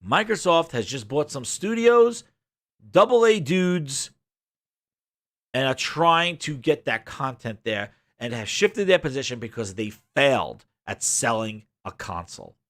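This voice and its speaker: A man streaming games, ranting and sarcastic as he reads a web page aloud, muttering low over the text and swearing when he gets worked up. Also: big pitch swings, a little slow, fairly bright tone. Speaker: gaming streamer. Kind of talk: ranting commentary while reading a web page.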